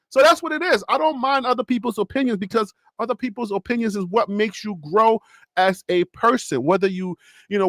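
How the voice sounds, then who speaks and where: A man hosting a live sports talk stream in a chatty, animated way, often laughing and swinging his voice up and down. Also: high-pitched, dry recording.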